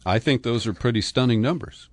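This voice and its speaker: A male political commentator with a middle-pitched voice, delivering news and opinion with sardonic, scornful asides. The sound is close and completely dry, with no room around him. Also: fairly quick, no room sound.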